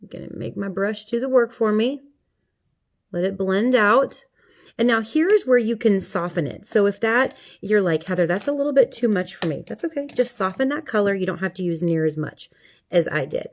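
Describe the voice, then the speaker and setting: A woman's voice: mid-range voice, expressive, normal speed. A middle-aged woman talking viewers through a makeup tutorial in a chatty, playful way. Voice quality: chatty, playful, talks to viewers as she works. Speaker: makeup vlogger.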